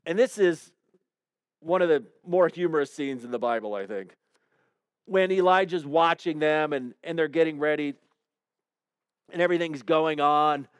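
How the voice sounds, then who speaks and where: A man's voice: fairly high pitch, moderate pace, pauses often, clean tone, dry recording. A man preaching a sermon, retelling a Bible story in a conversational way and acting out quotes with playful humor.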